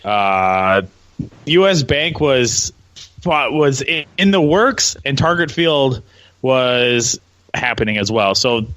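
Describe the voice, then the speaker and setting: A man's voice: mid-range voice, lively intonation, slow, a bit bright, dry recording, rough recording. A man co-hosting a casual sports podcast, from Minnesota, loose and jokey, with a lot of uh and restarts. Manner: loose and jokey, hesitant with many uhs. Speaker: podcast co-host.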